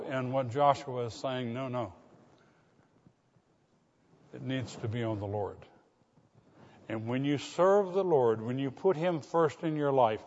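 Older man, pastor, sermon, earnest, asks the congregation questions, mid-pitched voice, long reverb. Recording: dull recording with long hall reverb.

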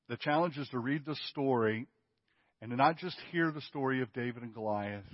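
Emphatic preacher with a long hall echo. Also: male voice, mid-range voice, normal speed, muffled recording. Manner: emphatic and conversational, checks in with "okay?". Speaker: pastor. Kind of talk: sermon.

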